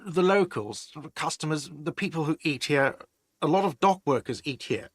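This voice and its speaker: A man's voice: on the high side, lively intonation, moderate pace, no room sound. An actor playing a put-upon male hostel manager in a video game, dry and scolding. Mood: gossipy.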